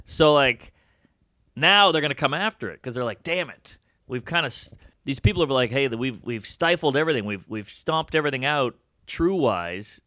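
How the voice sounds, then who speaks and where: A man, a comedian chatting as an interview guest, jokey and animated with big jumps in pitch for emphasis. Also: moderate pace, no room sound, clean studio sound. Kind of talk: casual interview chat.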